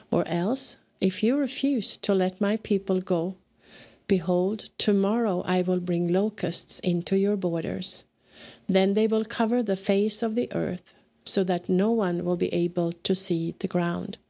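A woman reading scripture aloud in a measured, deliberate way as a podcast host. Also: mid-range voice, fairly even intonation, warm tone. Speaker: scripture reader.

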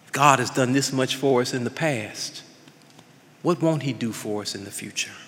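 A male pastor preaching an impassioned sermon, swinging between loud declarations and hushed passages. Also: medium pitch, moderate pace, long reverb tail.

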